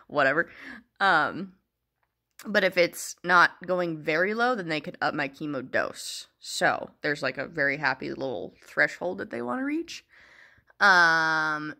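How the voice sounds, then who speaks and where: A woman's voice: on the low side, creaky, sharp tone. A young woman telling a rambling, exasperated story in a casual vlog, with sarcastic asides. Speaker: vlogger.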